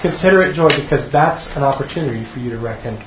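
Speaking quickly with lively intonation, a man in a mid-range voice teaches a sermon to his church class. He's earnest and often restarts, repeating words. Background noise is heavy, and the room recording sounds dull and echoey.

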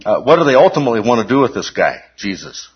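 A man's voice: mid-range voice, very animated, quick pace, breathy edge, muffled recording. A man teaching a Bible study class in a conversational way, often checking in with his listeners.

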